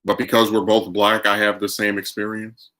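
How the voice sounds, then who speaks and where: A man's voice: lowish voice, level tone, normal speed, pushed and bright. A man streaming, chatting casually and arguing his opinions while reacting to his chat. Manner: opinionated, argumentative.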